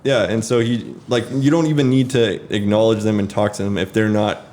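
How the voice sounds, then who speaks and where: A man's voice: lowish voice, fairly even intonation, brisk, darkish tone. A man telling a rambling story on a casual podcast, cursing and using lots of fillers. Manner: rambling, swears a lot, many fillers. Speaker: podcast host.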